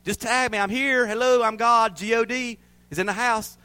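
A man speaking as God, a protective father, in a high voice with firm, short commands. He sounds reassuring and sure of himself, telling his children to hold their peace while he fights for them. He is played inside a sermon. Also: fairly even intonation, moderate pace, bright, forceful tone, clear, resonant tone.

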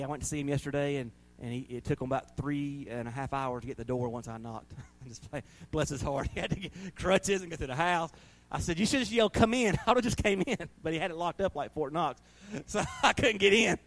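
A man, preaching a sermon as pastor, telling folksy stories and laughing often. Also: fairly high pitch. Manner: folksy storytelling, laughing often, rising to loud bursts.

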